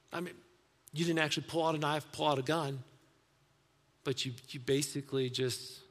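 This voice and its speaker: A man preaching a sermon in a conversational way, acting out quoted voices and dropping to soft asides. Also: mid-range voice, long reverb tail. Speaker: pastor.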